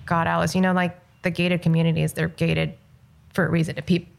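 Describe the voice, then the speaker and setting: This Los Angeles filmmaker is a guest in an interview, telling a story and acting out its dialogue. She has a lowish, gravelly voice with little pitch movement and talks a little fast.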